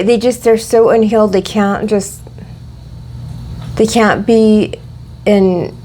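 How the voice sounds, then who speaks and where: A woman's voice: mid-range voice, a little mellow, a little hiss or hum. A woman giving a casual tarot reading, rambling with many fillers and restarts. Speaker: tarot reader.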